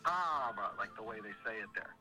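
A male caller with a slightly high voice quizzes the host in a playful, upbeat way. He comes through a phone-line radio feed with clear music behind him. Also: lively intonation, quick pace, bright, forceful tone. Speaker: caller doing impressions. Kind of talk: call-in chat over the phone.

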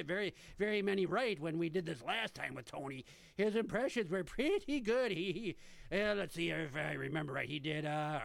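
Halting, gravelly radio host. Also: male voice, on the high side, fairly bright tone, no echo. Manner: rambling, halting, chuckling. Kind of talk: casual radio chat.

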